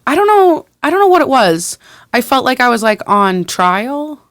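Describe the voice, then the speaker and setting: A woman's voice: sits high, moderate pace, no echo, clean studio sound. A woman co-hosting a podcast, telling a story in casual chat and acting out the dialogue with laughter. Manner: animated, laughing, acts out quoted dialogue. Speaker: podcast co-host.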